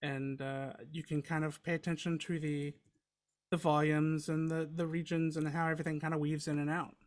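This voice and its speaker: A man's voice: a little high, little pitch movement, moderate pace. A man working as a sound engineer, casually explaining how audio mastering works. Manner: easygoing, explanatory.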